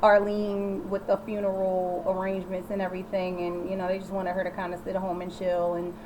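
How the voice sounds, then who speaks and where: A woman vlogger giving a sassy, animated recap of a TV episode and talking straight to the viewer. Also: on the low side, brisk, slight background noise, rough recording. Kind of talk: casual chatty recap.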